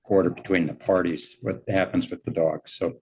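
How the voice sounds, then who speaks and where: A man presiding as judge over a courtroom hearing, who speaks briskly and cuts people off to keep order. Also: low-pitched, steady tone, darkish tone, slightly rough, muffled recording.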